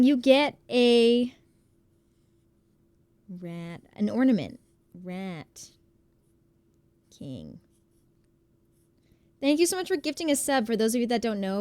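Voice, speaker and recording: Bubbly American woman streamer, crisp dry voice. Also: fairly high pitch, no room sound. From United States. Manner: bubbly, chatty, greets viewers by name. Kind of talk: casual live-stream chat.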